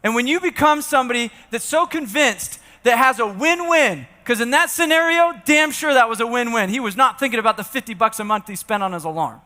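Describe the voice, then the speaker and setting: Speaking very high-pitched and fairly quickly with few pauses, a man works the stage at a large event hall during an energetic sales keynote. He's an animated storyteller who plays out dialogue and gets the crowd involved, and the recording carries a large hall's long reverb.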